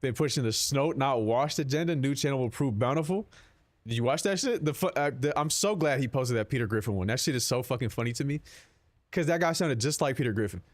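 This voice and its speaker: A man's voice: mid-range voice, animated, fast. A man streaming a game, chatting casually with his chat in a rambling, profane, laid-back way.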